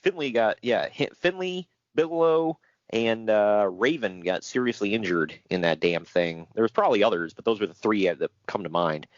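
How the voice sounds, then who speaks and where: A man's voice: lowish voice, normal speed, no echo, lo-fi sound. A man co-hosting a podcast, chatting casually about old wrestling news with sarcasm and frequent laughs. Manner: animated, sarcastic, laughs often. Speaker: podcast co-host.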